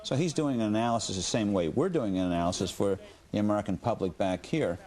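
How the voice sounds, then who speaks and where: A man working as a military analyst, commenting on live news in a measured way with frequent fillers. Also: fairly low pitch, darkish tone.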